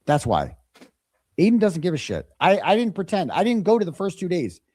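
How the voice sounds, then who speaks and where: A man's voice: high-pitched, very animated, brisk, darkish tone, no echo. A man co-hosting a livestream who makes sarcastic comments and mocks people by imitating them. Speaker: livestream co-host. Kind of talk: casual commentary.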